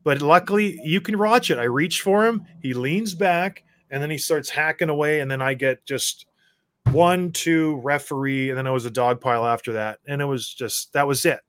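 A man, a former hockey enforcer, telling stories as a guest in a casual chat and getting loud as he acts out his own rants. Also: a little high, normal speed, dry recording. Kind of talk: casual storytelling.

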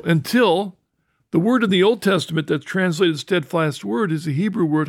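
An older man hosting a talk program, explaining scripture in a thoughtful way, often restarting and slowing down for quotations. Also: sits high, dry recording. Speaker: host. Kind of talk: conversational teaching talk.

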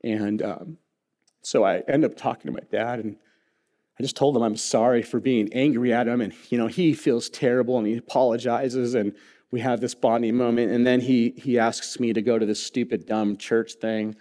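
In a church sanctuary, a pastor in his thirties preaches a sermon built around a personal story, mixing humor with earnest feeling. His voice is warm and medium-pitched, with fairly even intonation at a normal speed.

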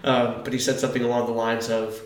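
A man co-hosting a casual podcast. He tells lively stories and acts out the people in them loudly. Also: medium pitch, quick pace. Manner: animated storyteller, acts out quotes loudly. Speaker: podcast co-host, youth pastor. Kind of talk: casual chat, storytelling. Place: church basement. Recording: echoey basement room.

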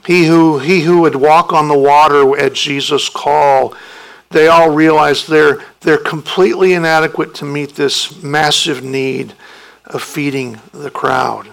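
A male pastor preaching at a slow, deliberate pace. His voice is bright and gravelly, and he turns emphatic when he acts out protests. It sounds like a sermon given from the pulpit. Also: on the high side, steady tone, low-quality recording. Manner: emphatic, rising sharply when voicing the disciples' protests.

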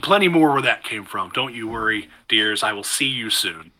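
A man's voice: lowish voice, lively intonation, moderate pace, bright, forceful tone. A man voicing a chipper, grandmotherly old village woman who stammers politely.

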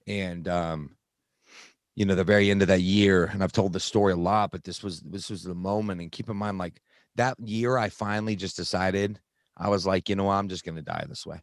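Low-voiced man telling his story earnestly. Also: fairly even intonation, no echo, studio quality. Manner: earnest, halting, many restarts and fillers. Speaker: guest sharing recovery story. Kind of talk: personal storytelling in conversation.

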